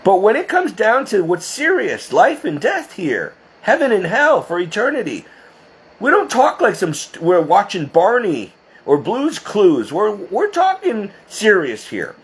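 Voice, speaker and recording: A man's voice: high-pitched, wildly swooping pitch, measured pace, husky. A man talking straight to his viewers in an impassioned religious monologue, emphatic and scolding. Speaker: Catholic video blogger.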